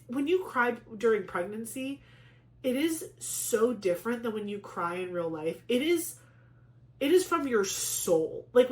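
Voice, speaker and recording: A young woman chatting casually, telling a personal story with lots of "like" fillers and animated retelling. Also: fairly high pitch, echoey room. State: pregnant. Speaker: craft vlogger.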